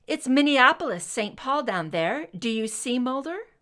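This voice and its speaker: A woman voicing a composed, wry female FBI agent in a read-aloud story, speaking in a measured way. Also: high-pitched, lively intonation, bright, forceful tone, voice pushed up, exaggerated voice.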